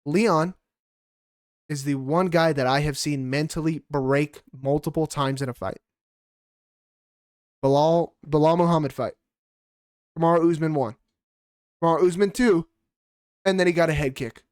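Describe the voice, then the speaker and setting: On a casual sports podcast, a man with a somewhat high voice swaps fight picks, giving blunt, heated, profane opinions. He speaks unhurriedly and pauses often. The audio is dry and close, with no room echo.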